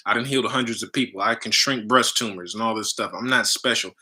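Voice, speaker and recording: A man's voice: on the low side, fast, sharp tone. A man and spiritual teacher telling a story in loose, slangy casual talk, full of "you know" and "right?".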